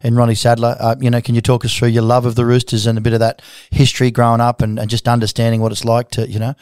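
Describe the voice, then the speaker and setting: A man's voice: mid-range voice, completely flat delivery, darkish tone, clear, resonant tone, dry recording, studio quality. A man co-hosting a club radio show, chatting casually with lots of fillers. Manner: rapid, filler-heavy talk. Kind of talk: casual sports chat.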